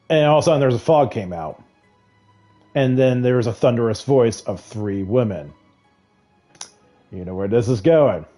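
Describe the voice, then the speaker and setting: A man's voice: medium pitch, dark tone. A man casually retelling a novel's plot while playing a game, rambling and quoting characters with frequent laughs. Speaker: streamer recapping a novel. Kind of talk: casual chat while gaming.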